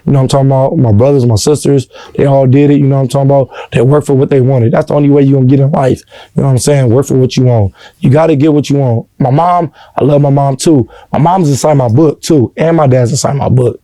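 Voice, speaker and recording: Earnest man telling his story, mellow voice. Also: mid-range voice, fairly even intonation, fast talker, dry recording. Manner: peppers speech with "you know what I'm saying"; earnest, heartfelt. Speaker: interview guest. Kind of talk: casual personal storytelling.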